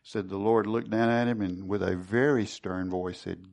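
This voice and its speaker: A man's voice: fairly low pitch, steady tone, normal speed, vocal fry, a little mellow. A man leading a Bible study sermon, earnest and conversational, who often restarts and repeats words. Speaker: Bible teacher.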